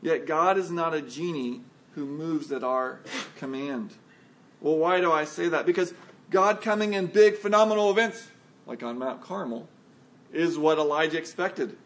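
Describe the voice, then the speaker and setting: A man preaching a sermon, measured and deliberate, slowing for emphasis and dropping to a hush on key words. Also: on the high side. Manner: measured preaching with slow emphatic phrasing and dramatic drops to a hush. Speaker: pastor.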